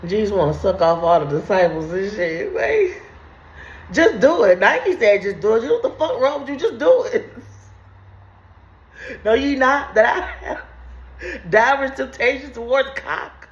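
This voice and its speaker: A woman's voice: fairly high pitch, expressive, normal speed. A woman hosting a video, riffing on scripture in crude comedic commentary and laughing often through her words. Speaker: video host. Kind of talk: profane comedic Bible commentary. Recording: roomy echo.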